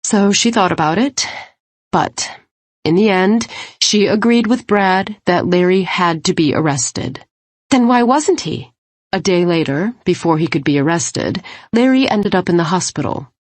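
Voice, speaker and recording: A woman's voice: on the low side, darkish tone, no room sound. A woman narrating a romance audiobook in the first person, earnest and questioning.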